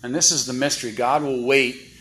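A man's voice: mid-range voice, steady tone, brisk, pushed and bright, slight background noise, poor audio. A man preaching a sermon in a church, chatty and full of rhetorical questions to the congregation. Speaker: guest preacher. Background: congregation responses.

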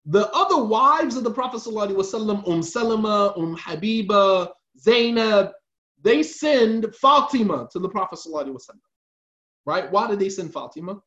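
A man's voice: sits high, animated, a little fast, a bit bright, lo-fi sound. A man telling a religious story in a casual, slangy lecture style, repeating lines for emphasis.

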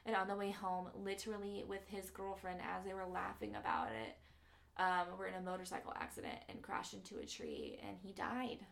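A woman's voice: medium pitch, expressive, moderate pace, creaky, fairly bright tone. A woman podcast host casually retelling a true story in a studio, chatty with many fillers.

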